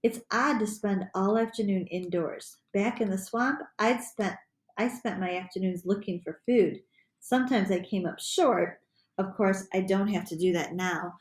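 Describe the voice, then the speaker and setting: A woman reading a children's chapter book aloud in an animated, playful storytelling voice. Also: medium pitch, normal speed. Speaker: audiobook reader. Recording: echoey room.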